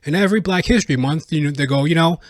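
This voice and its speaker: A male comedy podcast host rambles through a reaction rant, swearing freely and leaning on filler words. His voice sits a bit high for a man. The mic is close and the sound is dry. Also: very fast, dry recording.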